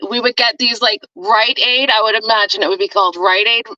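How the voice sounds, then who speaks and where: A woman's voice: a little high, a little fast, bright, forceful tone, muffled recording. A woman, a guest on a chat show, telling a story casually and animatedly and often laughing.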